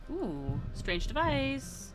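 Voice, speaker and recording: A woman streaming a story game, reading its text aloud and reacting with gasps and quick asides. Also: fairly high pitch, very animated, music in the background.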